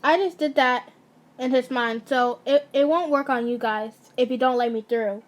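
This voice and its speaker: A woman's voice: high voice, normal speed, dull audio, close to an everyday voice. Woman voicing a cocky young captive. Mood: reassuring.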